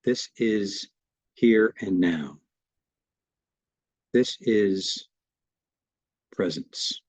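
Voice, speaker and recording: A man teaching a meditation class, guiding the breath practice in a gentle, reassuring way. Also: fairly low pitch, very slow, pauses often, no echo. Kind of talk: guided meditation instruction.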